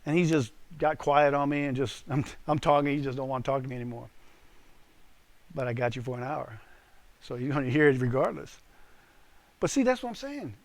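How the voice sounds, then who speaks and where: A man's voice: mid-range voice, expressive, fairly quick, pauses often. A man preaching to a live group as pastor, telling a story with lots of animation, quizzing his listeners and punching out the key lines.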